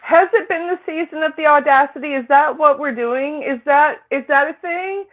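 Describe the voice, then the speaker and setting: A woman psychic co-hosting a casual chat, incredulous and rambling, quick to laugh. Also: high-pitched. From Britain. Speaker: psychic co-host. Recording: tinny phone-like line.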